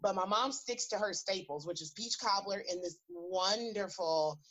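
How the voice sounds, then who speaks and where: A woman telling animated stories in casual chat, swearing freely and acting out what people said. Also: medium pitch, moderate pace. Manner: animated storyteller, swears freely, acts out quotes.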